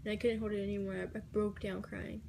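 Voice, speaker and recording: A teenage girl telling a personal story in a vlog, halting and hesitant, dropping at times into soft whispers. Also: medium pitch, little pitch movement, gravelly, noisy background. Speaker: vlogger.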